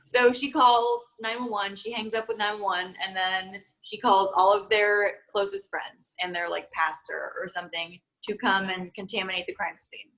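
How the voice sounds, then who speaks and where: A woman's voice: medium pitch, fairly even intonation, normal speed, hardly any pauses, a bit bright, rough recording. A young woman co-hosting a true-crime podcast, chatting casually, laughing often and trailing off mid-thought. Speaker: podcast co-host.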